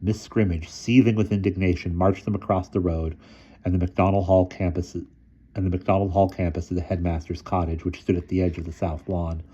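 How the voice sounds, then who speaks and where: Low, mellow male storyteller. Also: steady tone, fairly quick, breathy edge. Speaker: reader. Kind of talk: reading a children's novel aloud. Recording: dull lo-fi sound.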